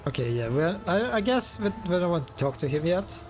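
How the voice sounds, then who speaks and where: A man's voice: high voice, big pitch swings, fairly quick, faint music behind. A man streaming a game live, reading the narration aloud and reacting with fillers.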